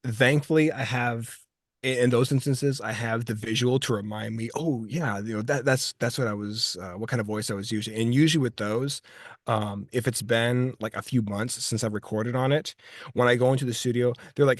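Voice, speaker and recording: Interview guest: a man voice actor from Texas, chatty storyteller, mid pitch, dry close sound. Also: moderate pace, no room sound. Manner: chatty, restarts phrases while telling anecdotes. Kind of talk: casual interview chat.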